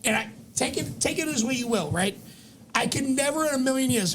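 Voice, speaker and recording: A man rants heatedly in casual podcast chat, cursing freely. His voice is pitched high and jumps around a lot. A faint hiss sits under it. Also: expressive, a little fast. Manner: heated, profane ranting, says "dude" a lot. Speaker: podcast co-host.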